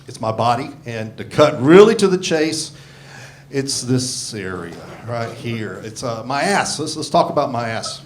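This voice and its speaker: A man in his sixties doing a gruff, profane, self-mocking stand-up comedy set on a club stage. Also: mid-range voice, expressive, a little slow, background noise. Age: 60s. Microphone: handheld stage mic. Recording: live club recording with crowd laughter. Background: audience laughing.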